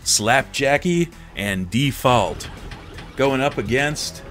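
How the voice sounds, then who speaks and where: A man's voice: medium pitch, animated, takes it slowly, a bit bright, faint music behind. A man streaming a wrestling game, playing a theatrical announcer who talks to viewers as folks and acts emotional. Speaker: gameplay streamer. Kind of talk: mock wrestling announcer commentary over gameplay.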